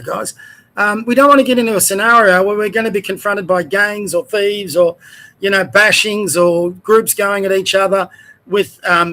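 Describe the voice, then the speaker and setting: A man's voice: sits high, bright, forceful tone. An Australian man hosting his own show, ranting in a heated, rambling way and trailing off mid-sentence. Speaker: show host. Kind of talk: ranting commentary.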